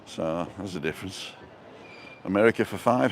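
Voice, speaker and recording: Walking outdoors through town, a middle-aged streamer talks at normal speed with a medium-pitched voice over slight background noise. He jokes casually while chatting and reading out comments from viewers.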